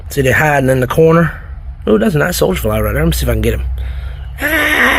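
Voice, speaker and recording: A worm farming vlogger from South Carolina, United States, chats casually while filming his worm bins: rambling, folksy and easily excited. His slightly high voice comes fast, with vocal fry and a slightly rough edge.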